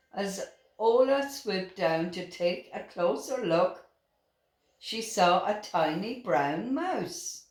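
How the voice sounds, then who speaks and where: Expressive grandmother reading a picture book. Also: medium pitch. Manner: slow and expressive, with lively voices. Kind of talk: storybook read-aloud. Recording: roomy echoing room.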